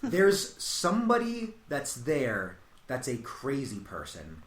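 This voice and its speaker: A man telling a long story on a casual podcast, animated and growing louder as he quotes himself. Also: medium pitch, takes it slowly. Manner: animated, voice rises to near-shouts when quoting himself. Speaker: comedian guest telling a story. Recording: echoey room with faint noise.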